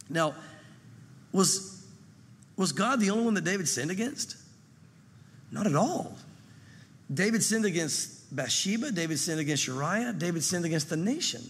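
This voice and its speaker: Male pastor, high voice, earnest sermon, long hall reverb. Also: lively intonation, moderate pace, long pauses, fairly bright tone, husky. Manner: earnest preaching, acts out the prayers he quotes.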